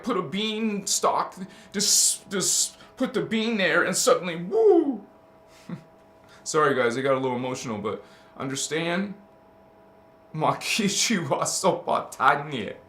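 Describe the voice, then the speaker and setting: A man's voice: high voice, fairly bright tone. A man hosting a casual spiritual livestream, talking emphatically, calling listeners honey and baby, laughing often and reading out chat. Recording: roomy echo.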